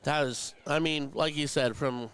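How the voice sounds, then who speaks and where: Stream host, male, slightly higher voice, warm-hearted live darts commentary. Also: steady tone, a little slow, clear, resonant tone. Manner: chatty, heartfelt, emotional. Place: darts tournament venue.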